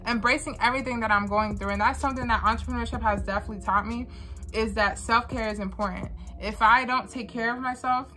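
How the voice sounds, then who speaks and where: Bright-voiced earnest young woman vlogger. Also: a little high, fairly even intonation, quick pace, faint music behind. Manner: earnest, repeats phrases for emphasis. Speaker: vlogger and small business owner. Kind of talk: candid talking-head vlog.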